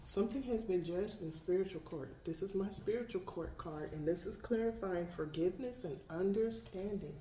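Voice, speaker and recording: A woman's voice: on the low side, normal speed, hardly any pauses, dark tone. A woman doing a casual tarot card reading, chatting and talking to her pets between cards. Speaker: tarot reader. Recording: echoey room, faint noise.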